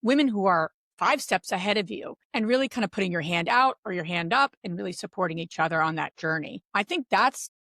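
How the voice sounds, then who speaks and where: A woman's voice: mid-range voice, a little fast, hardly any pauses, no room sound. Chatty middle-aged woman guest, acts out what people said, dry close sound. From Pennsylvania. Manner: animated storyteller, acts out quotes. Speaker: podcast guest, real estate investor. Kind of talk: casual interview talk.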